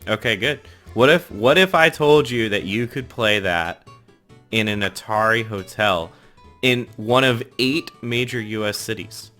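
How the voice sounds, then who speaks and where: Bright-voiced male podcast host. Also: lowish voice, a little slow, soft background music. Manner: jokey, laughs mid-sentence. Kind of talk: casual group chat.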